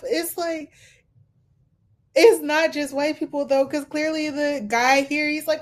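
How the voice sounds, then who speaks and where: A woman hosting a reaction video, giving casual, animated commentary on a clip she is watching, laughing often and voicing her opinions. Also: sits high, unhurried.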